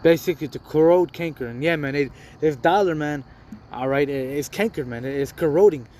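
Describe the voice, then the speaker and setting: A man's voice: on the high side, brisk, a little mellow, a little hiss or hum. A man giving an informal sermon, reading scripture and commenting in loose street talk, saying "man" and "all right" constantly.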